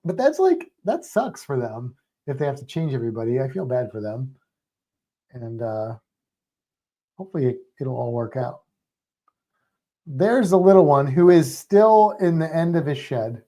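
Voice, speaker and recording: A man co-hosting a livestream, chatting casually and rambling with fillers. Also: mid-range voice. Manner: relaxed, rambling, halting with fillers. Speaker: livestream co-host. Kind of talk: casual chat.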